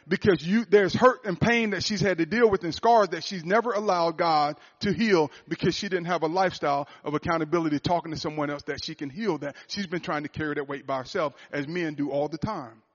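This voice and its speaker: Earnest, higher-voiced man telling a story. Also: brisk, few pauses. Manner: earnest, repeats and restarts phrases. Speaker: motivational speaker and coach. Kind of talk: sermon-style storytelling. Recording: dull lo-fi recording.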